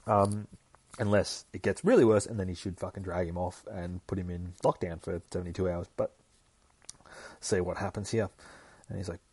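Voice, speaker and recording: A man's voice: deep voice, steady tone, normal speed, a little mellow, slightly rough, no echo. A man hosting a casual, rambling comic book recap with lots of swearing and self-corrections. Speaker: podcast host.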